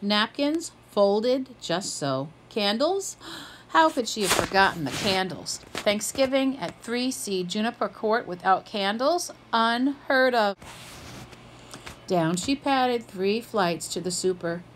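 Brief: woman narrator for a children's picture book, medium pitch, animated dialogue, light background noise. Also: unhurried, few pauses, low-quality recording. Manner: lively, puts up her pitch for characters' quoted lines. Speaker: storybook reader.

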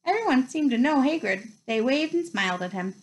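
A woman's voice: high-pitched, lively intonation, brisk, rough recording. A woman reading a children's novel aloud, telling the story expressively. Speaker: reader.

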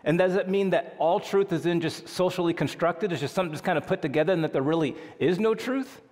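A man co-leading a conversational sermon in a church, animated and reflective, chuckling along. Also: high voice, fast talker. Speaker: co-pastor. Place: church sanctuary. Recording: reverberant church hall.

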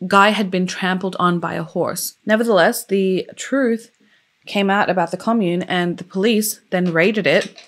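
A woman's voice: medium pitch, measured pace. A young woman who is a true crime YouTuber, telling a case in a loose, chatty way with many fillers and open emotion. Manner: openly emotional about the story. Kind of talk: casual storytelling.

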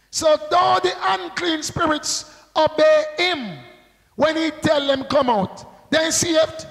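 A man delivers a slow, unhurried sermon in a strikingly high, gravelly voice. He keeps pulling the congregation in with questions and call-and-response prompts. His words ring out with the long reverb of a church hall. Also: a bit bright. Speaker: pastor.

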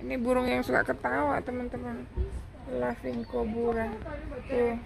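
A woman vlogging casually, cooing at birds in a high baby voice. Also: completely flat delivery, moderate pace, gravelly, a little hiss or hum. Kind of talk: casual travel vlog.

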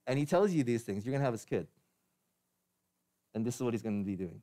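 A man's voice: mid-range voice, expressive, fast, dark tone. A man preaching a sermon as pastor, in a conversational way with restarts and light laughs.

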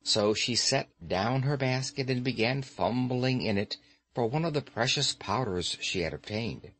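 A man narrating an audiobook with lively, expressive storytelling. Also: mid-range voice, a little slow. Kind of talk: scripted narration.

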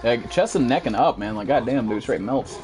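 Excitable, foul-mouthed young man streaming a shooter. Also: moderate pace, faint music behind. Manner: profane, excitable, swings into high-pitched outbursts. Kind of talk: live gameplay commentary.

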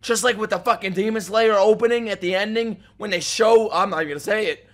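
A man's voice: sits high, fast, a bit bright. A man hosting a first-time reaction video, swearing in disbelief and breaking into laughter as he comments. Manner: profane, incredulous, bursts of laughter. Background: faint music from the clip he is watching.

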